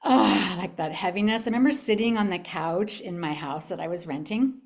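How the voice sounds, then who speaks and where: Female summit speaker, motivational talk, animated storytelling, asks the audience questions. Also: on the low side, a little fast. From California. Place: event room with a live audience.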